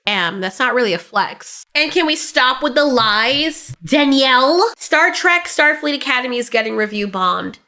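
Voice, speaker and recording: Bright-voiced woman doing sarcastic commentary. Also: high-pitched, animated, normal speed, few pauses. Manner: blunt, sarcastic, swears freely, laughs often. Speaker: reaction streamer. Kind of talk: animated reaction commentary.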